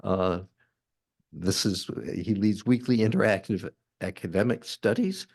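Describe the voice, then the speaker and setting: A man hosting a church forum, introducing the guest speaker to the audience in a halting, light-hearted way. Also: fairly low pitch, creaky, a little mellow, slightly rough. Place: church meeting room.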